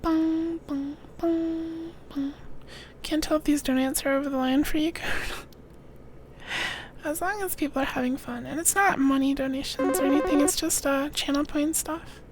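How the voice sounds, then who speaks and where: A young woman streaming a game, reading text aloud, giggling and thinking out loud. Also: sits high, fairly even intonation, normal speed, slight background noise. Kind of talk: live game stream commentary.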